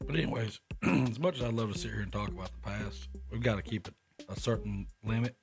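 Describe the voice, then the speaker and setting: A young man with a drawl tells a long, profane story to his podcast co-host, slipping into loud quoted voices. His voice sits a bit low, and music plays clearly behind him throughout. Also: a little fast. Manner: profane, rambling anecdotes with animated quoted voices. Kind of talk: casual storytelling chat. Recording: music playing in the background.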